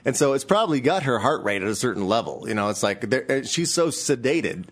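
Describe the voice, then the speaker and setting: A man's voice: medium pitch, sing-song, a little fast. A man in casual chat, bantering bluntly and teasing his co-host.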